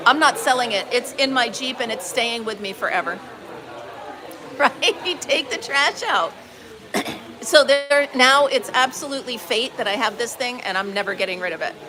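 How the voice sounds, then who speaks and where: A woman from upstate New York hosting a live stream, telling a story in a casual, animated way and acting out quoted dialogue. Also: high-pitched. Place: barn market booth. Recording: busy crowd noise behind.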